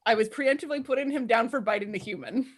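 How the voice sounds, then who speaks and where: A woman's voice: fairly high pitch, fast. A woman playing a tabletop game, talking dryly and matter-of-factly. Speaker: player. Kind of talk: casual tabletop play.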